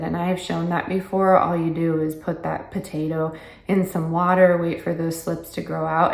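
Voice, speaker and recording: A woman's voice: on the low side, darkish tone. A pregnant young woman, out of breath, chatting enthusiastically to camera about her garden and laughing often. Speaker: homesteading vlogger. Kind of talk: casual talk to camera. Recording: echoey room.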